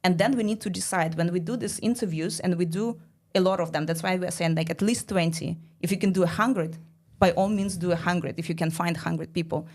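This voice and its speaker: A woman guest on a podcast, explaining ideas in a casual, animated way with many "like" fillers. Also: on the low side, fairly quick. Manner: explanatory, peppered with "like". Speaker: guest, startup studio founder.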